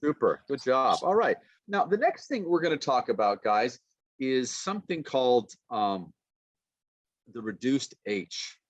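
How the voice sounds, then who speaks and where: A man teaching a pronunciation lesson, modeling phrases slowly and repeating sounds. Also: medium pitch, big pitch swings, no echo, dull audio. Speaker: university lecturer.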